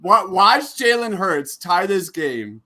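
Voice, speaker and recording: A man's voice: high voice, big pitch swings, takes it slowly, bright, forceful tone, dry recording. A man co-hosting a live watch-party podcast, sarcastic and exasperated. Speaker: podcast co-host.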